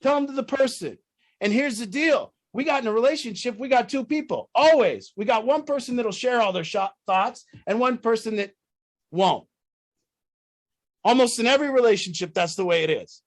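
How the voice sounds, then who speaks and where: Blunt, profane man with a high voice. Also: lively intonation, moderate pace. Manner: rhetorical questions, swings loud and high when worked up. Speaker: group leader. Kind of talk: group talk on addiction recovery.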